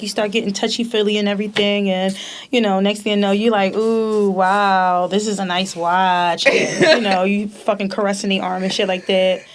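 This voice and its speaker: A woman in her thirties co-hosting a podcast, telling stories in animated, profane casual chat and laughing often. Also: medium pitch. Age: 30s. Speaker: podcast co-host.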